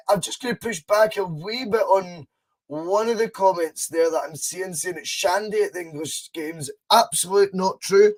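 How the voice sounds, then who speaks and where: A Scottish man hosting a casual podcast, animated and chatty, acting out little scenes as he tells stories. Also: on the high side. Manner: animated storyteller, acts out voices in anecdotes. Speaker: podcast host.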